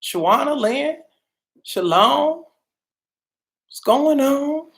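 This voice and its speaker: A woman hosting a casual live stream, upbeat and greeting her viewers by name, sometimes calling out loudly. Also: high voice, lively intonation, very slow. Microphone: camera mic. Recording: roomy echo.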